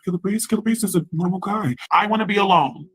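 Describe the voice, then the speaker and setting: A woman's voice: mid-range voice, fast talker, husky, poor audio. A woman in a profane, rambling angry rant, taunting and repeating herself.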